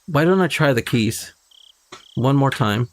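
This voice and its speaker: A man's voice: medium pitch, lively intonation, a little slow, natural voice. A man reading as a tense teenage girl talking herself down. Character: panicked teenage girl sneaking through a school.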